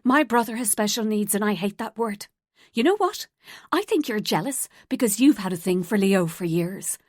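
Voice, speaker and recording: Woman doing a soft-voiced, principled coworker. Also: mid-range voice, expressive, moderate pace, dry recording, clean studio sound, lightly acted. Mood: firm. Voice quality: soft, firm when angered. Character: softer-spoken loyal woman coworker.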